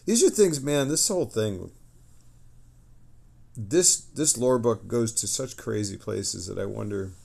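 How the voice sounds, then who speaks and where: Low gravelly guy streaming, reading lore out loud, gets excited and rambles between bits. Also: unhurried. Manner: excitable, chatty asides between read passages. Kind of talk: casual lore reading on a livestream.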